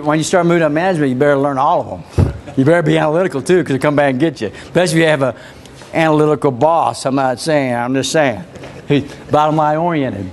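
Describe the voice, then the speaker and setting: A man's voice: fairly high pitch, slight background noise. A man leading a live sales training, coaching his team with repeated phrases and questions to the room. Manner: energetic, repetitive coaching, asks the audience questions.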